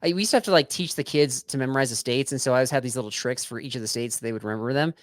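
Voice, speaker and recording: A man's voice: medium pitch, rapid-fire, no echo, studio quality. A man co-hosting a podcast, playfully reading trivia questions like a teacher and thanking supporters in casual chat. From Colorado. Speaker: podcast co-host.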